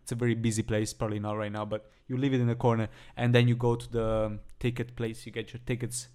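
A man's voice: mid-range voice, flat delivery, fast talker, a little mellow, clean tone. Rambling man telling a story. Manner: rambling, lots of fillers and restarts, swearing, laughing. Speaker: podcast co-host. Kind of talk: casual storytelling.

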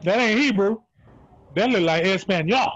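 Man with a high voice, joking and chatty, dull dry call audio. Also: moderate pace, fairly bright tone, no echo. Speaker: group member reading aloud. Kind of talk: casual group chat.

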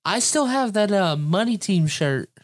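A man's voice: high-pitched, lively intonation, unhurried, no echo. A young man co-hosting a casual podcast, joking crudely and laughing often. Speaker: podcast co-host.

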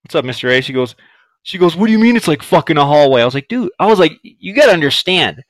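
A man's voice: fairly high pitch, lively intonation, racing, low-quality recording. A man co-hosting a podcast in crude casual chat, telling stories and acting out both sides of conversations with frequent laughs. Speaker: podcast co-host.

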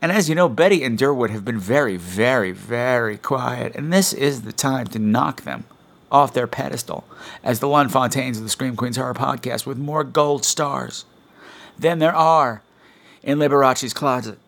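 A male podcast host talks in a campy, theatrical manner, teasing and mock-scolding his listeners. His voice sits at an ordinary middle pitch for a man. He swings from playful asides to exaggerated sighs of disappointment. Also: normal speed, vocal fry, a bit bright. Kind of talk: casual solo podcast talk.

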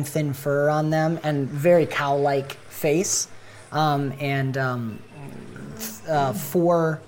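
A woman narrating as game master, relaxed and hesitant, with frequent ums. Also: sits low, a little hiss or hum.

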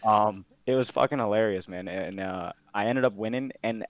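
A man's voice: on the low side, normal speed, dry recording. A young man telling stories in a casual interview, laid-back and swearing freely with plenty of fillers. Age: young adult. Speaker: guest, MMA fighter and streamer. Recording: dull, lo-fi dry sound.

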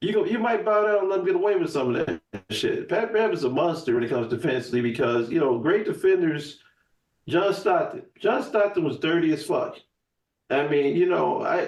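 A man talking in a casual podcast chat as the guest, emphatic and profane, rambling with restarts. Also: fairly high pitch. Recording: echoey room, voice from far off the mic.

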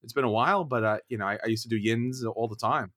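A man's voice: mid-range voice, fast. A man co-hosting a podcast in casual, joking chat. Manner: joking, animated. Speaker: podcast co-host.

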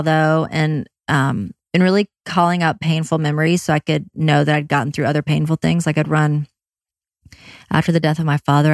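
Woman, low register, candid storyteller, blunt with the odd curse, rushes in bursts, dry recording. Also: a little mellow, no room sound. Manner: candid and frank, with blunt swearing; talks in quick bursts with many fillers. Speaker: mother sharing her birth story. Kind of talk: personal storytelling.

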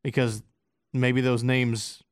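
A man's voice: mid-range voice, flat delivery, slow, no room sound, clean studio sound. A man in casual chat, speaking in a hesitant, reflective way.

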